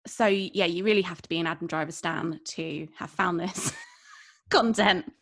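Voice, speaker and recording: A woman co-hosting a podcast, speaking in relaxed casual chat and laughing between remarks. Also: on the low side, moderate pace. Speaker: podcast co-host.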